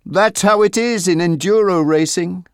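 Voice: medium pitch, a little slow, smooth, dry recording, studio quality, voice pushed up, lightly acted. A narrator voicing a charming young motocross rider in a storybook reading.

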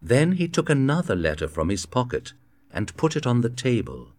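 A man reading a storybook aloud in a slow, clear narration. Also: medium pitch, very animated, a little mellow, no room sound. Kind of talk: scripted narration.

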